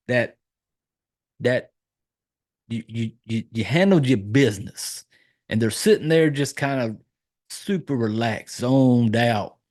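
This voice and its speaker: Profane, animated Southern man recapping. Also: on the high side. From Southern United States. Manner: profane, animated storytelling with acted-out quotes. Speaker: podcast host reviewing a horror film. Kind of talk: casual film recap chat.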